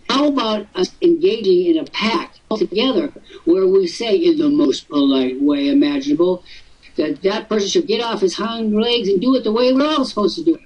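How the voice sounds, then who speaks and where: A man in his seventies hosting a live webinar, teasing and firing off rhetorical questions, his voice swooping high for emphasis. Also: warm tone, breathy edge. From Illinois, USA. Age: 70s. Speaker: host. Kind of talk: webinar talk. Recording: dull lo-fi webinar audio.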